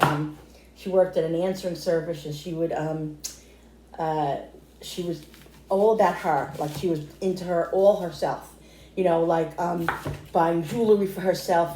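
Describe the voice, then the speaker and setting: A woman's voice: fairly low pitch, background noise. Chatty woman in an echoey kitchen. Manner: rambling, emotional storytelling, addresses viewers as guys. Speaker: cooking vlogger. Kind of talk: chatty cooking vlog. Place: home kitchen.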